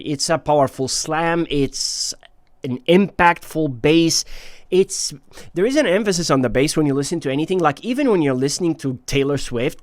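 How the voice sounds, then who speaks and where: On his own channel, this headphone reviewer talks in a fairly high voice with no room sound. He gives a casual, enthusiastic product review, often hesitating and using fillers.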